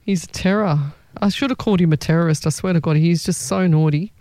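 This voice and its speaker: Chatty psychic with a mellow voice. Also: medium pitch, quick pace, dry recording. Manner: chatty, rambling, restarts sentences. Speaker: psychic medium host. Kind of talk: live online psychic reading.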